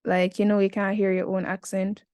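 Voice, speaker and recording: A woman's voice: mid-range voice, moderate pace, dry recording, studio quality. Chatty young Jamaican woman tutor. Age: 20s. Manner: chatty, relaxed, slangy asides. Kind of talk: casual essay-writing tutorial.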